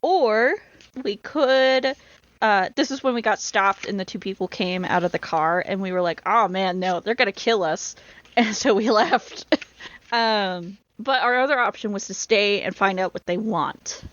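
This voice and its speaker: A woman's voice: mid-range voice, measured pace, fairly bright tone, no room sound. A woman co-hosting a podcast, reading an adventure book aloud and often bursting into laughter. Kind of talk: casual read-aloud of an adventure story. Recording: dull lo-fi sound.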